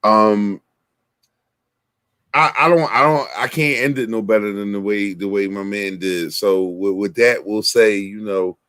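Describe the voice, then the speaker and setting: A man's voice: on the low side, unhurried, fairly bright tone, clear, resonant tone, dry recording. A man hosting a casual podcast, ranting with profanity and hype. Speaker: podcast host.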